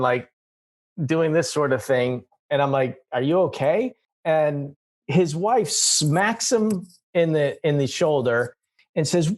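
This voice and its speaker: A man's voice: mid-range voice, darkish tone. Hesitant male car-dealer guest. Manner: hesitant, many fillers, laughs easily. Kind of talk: casual interview chat.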